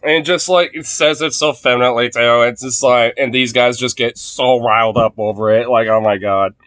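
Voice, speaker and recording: A man's voice: mid-range voice, fairly even intonation, moderate pace, fairly bright tone, no echo. Guy ranting and cackling over clips on a stream, dead-dry mic, nothing fancy in the voice. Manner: profane, laughing, mocking impressions. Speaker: streamer reacting to videos. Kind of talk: casual live-stream commentary.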